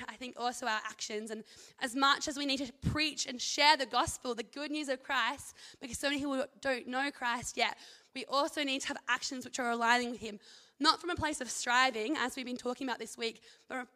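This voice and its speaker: A young woman, giving a casual devotional talk as a Christian university student, enthusiastic and animated in quick bursts. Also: high voice.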